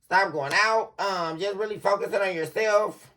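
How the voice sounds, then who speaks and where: A woman doing a casual tarot reading for her viewers, animated and quick to laugh, calling out to them often. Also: medium pitch, background noise. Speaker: tarot reader.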